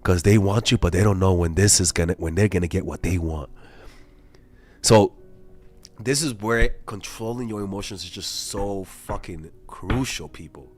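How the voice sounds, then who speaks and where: A young man, a dating coach, talking casually and bluntly to camera, swearing freely and telling stories with animated energy. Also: deep voice, moderate pace, soft background music. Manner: blunt, profane, animated storytelling.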